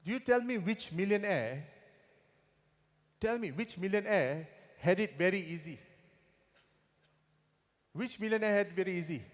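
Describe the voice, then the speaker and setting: A man's voice: sits high, animated, a little slow, long pauses. A man from Singapore with a Singaporean English accent, giving a motivational stage talk and constantly asking the audience to agree with him. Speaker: motivational speaker. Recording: long reverb of a big hall.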